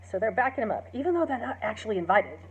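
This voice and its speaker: Husky teacher lady chatting thru a story, lots of "like", dull lo-fi sound. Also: a little high, sing-song, fast. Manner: chatty, lots of "like" and "um", acts out quoted lines. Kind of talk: casual story summary. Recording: dull lo-fi recording.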